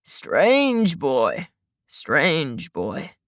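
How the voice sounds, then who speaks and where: A woman's voice: mid-range voice, big pitch swings, takes it slowly, a bit bright, no room sound, clean studio sound. A woman voicing a creepy old grandfather with a wheezing, rattly voice and a wheedling, grumbling manner. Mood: cooing.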